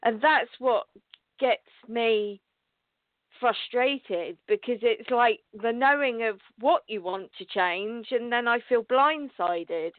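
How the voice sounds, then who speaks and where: A woman's voice: a little high, takes it slowly, no echo. Effusive woman host on a tinny line. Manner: warm, effusive, thinks aloud with restarts. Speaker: radio show host. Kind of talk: spiritual radio interview.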